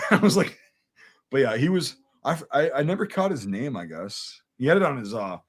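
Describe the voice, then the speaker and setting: A man's voice: medium pitch, normal speed. Profane storyteller man from Wisconsin. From Wisconsin, USA. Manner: profane, animated, acts out quoted dialogue. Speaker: military veteran telling a war story. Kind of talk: casual storytelling chat.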